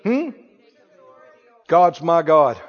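A man preaching a sermon, animated, asking the congregation questions and acting out scenes. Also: a little high, very slow. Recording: reverberant church hall, dull lo-fi sound.

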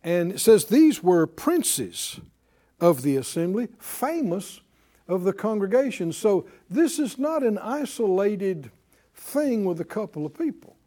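A man in middle age delivers a sermon in a high voice that leaps across a wide range. He trades lines with his listeners, booming declarations one moment and murmuring asides the next. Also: big pitch swings, unhurried. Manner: call-and-response preaching, swings between loud declarations and low asides. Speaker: pastor.

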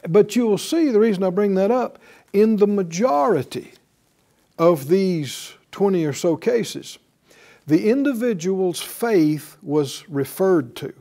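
A man teaching a Bible class in a slow, unhurried delivery. His voice sits fairly high for a man, yet it sounds mellow and soft. He keeps it conversational, throwing rhetorical questions at the class and chuckling between points. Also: lively intonation.

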